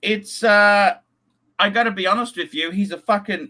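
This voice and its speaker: A man's voice: high voice, expressive, moderate pace, sharp tone. A man hosting a casual livestream, reading donations and ranting bluntly with lots of swearing. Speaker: livestream host.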